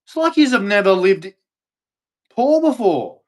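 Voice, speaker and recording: A man's voice: very high-pitched, very animated, slow, darkish tone. A man with an Australian accent, ranting angrily and swearing often as he repeats himself. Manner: agitated, profane, repetitive. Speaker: streamer. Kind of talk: angry rant.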